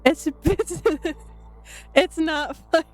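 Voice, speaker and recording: Giggly high-pitched woman streamer. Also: drawn-out words. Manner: giggly, excitable, often breaking into laughter and squeals. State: laughing to tears. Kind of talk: live-stream chat with viewers. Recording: faint music in the background.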